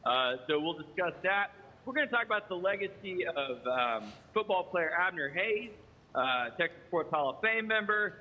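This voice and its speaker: A man's voice: high voice, expressive, normal speed, in a large hall, narrow, tinny audio. A man who hosts a sports show, chatting casually and teasing the other hosts in a wry, dry way.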